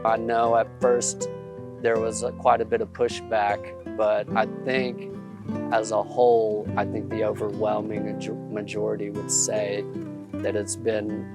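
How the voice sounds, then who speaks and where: Slow monotone guy with an arkansas accent, kinda hesitant, low voice, faint music behind. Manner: hesitant, restarts phrases. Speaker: interviewee. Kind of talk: reflective interview answers. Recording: soft music underneath.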